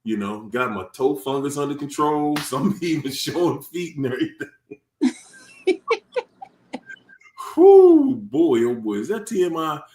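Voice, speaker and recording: A man's voice: fairly high pitch, takes it slowly, long pauses, a little hiss or hum. Casual DC-accented male stream host, playful and laugh-prone, roomy echo on the voice. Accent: Washington DC. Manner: playful, laughs often, animated. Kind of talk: casual chat greeting viewers.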